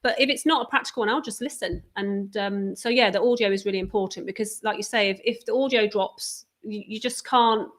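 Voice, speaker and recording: Relaxed woman guest, encouraging tone. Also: medium pitch, a little fast, hardly any pauses. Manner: relaxed and encouraging, with fillers like "like" and "you know". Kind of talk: casual live-stream chat. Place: conference venue during a live broadcast.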